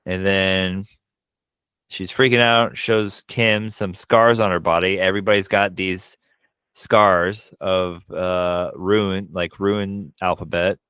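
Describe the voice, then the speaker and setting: A man co-hosting a podcast, casually recapping a horror film with animated bursts, quoted lines and frequent swearing. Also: deep voice, takes it slowly, smooth, no echo. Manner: frequent profanity. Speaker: podcast co-host. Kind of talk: casual movie recap chat.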